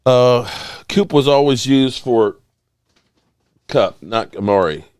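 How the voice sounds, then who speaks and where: A man hosting a casual sports podcast, talking in an animated, excitable way and swearing now and then. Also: takes it slowly, clean tone, no room sound, studio quality. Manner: animated, excitable, swears, acts out quotes in a high voice. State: voice strained, coughing.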